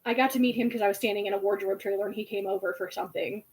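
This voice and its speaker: A young woman in her twenties, chatting casually and telling an animated story with lots of fillers. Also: medium pitch, rapid-fire, low-quality recording. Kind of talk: casual chat.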